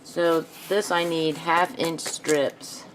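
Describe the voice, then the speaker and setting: A woman's voice: sits low, fairly even intonation, slow pace, slight background noise. A woman hosting a casual craft video, talking herself through each step as she measures and cuts. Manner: thinks aloud while working, self-talk. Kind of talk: casual craft tutorial narration.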